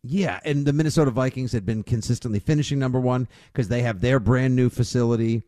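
A man's voice: medium pitch, fast, dark tone, no echo, clean studio sound. Sarcastic New sports-radio man. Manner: sarcastic, riffs with jokes and mock quotes. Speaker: sports talk co-host. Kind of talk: casual sports radio chat.

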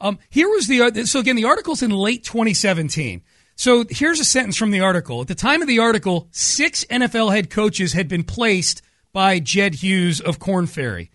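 A man's voice: sits high, very animated, normal speed, a bit bright, dry recording, studio quality. A man co-hosting a sports talk show, chatty and joking. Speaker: sports radio co-host.

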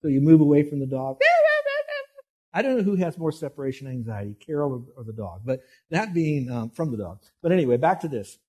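A man's voice: mid-range voice, animated, brisk, warm tone, husky. A middle-aged male pastor preaching a folksy, anecdote-filled sermon, often restarting his words.

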